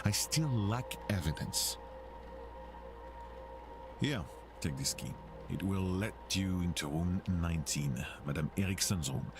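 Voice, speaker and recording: An actor playing a scheming, self-assured male French investigator in a video game, speaking formally in a French accent and slipping in French phrases. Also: low voice. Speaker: game character. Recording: game audio with noisy ambience.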